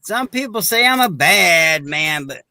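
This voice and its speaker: A man's voice: high voice, lively intonation, a little slow, bright, forceful tone, dry recording. A man, chatting on a podcast in a folksy, earnest storytelling way. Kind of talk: casual chat.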